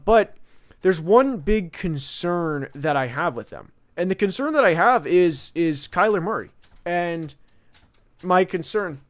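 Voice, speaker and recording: A young man hosting a casual football podcast, rambling with lots of fillers and restarts. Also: fairly high pitch. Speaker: podcast host.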